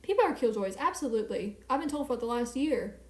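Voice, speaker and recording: A woman's voice: fairly high pitch, sing-song, quick pace. Chatty young woman streamer, echoey room. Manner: chatty, rambling, self-mocking. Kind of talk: casual live-stream chat. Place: small home apartment at night.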